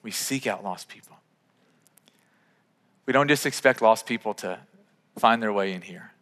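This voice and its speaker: A man's voice: lowish voice, unhurried, fairly bright tone, in a large hall. A male pastor preaching a sermon in a conversational way, often repeating words as he starts sentences.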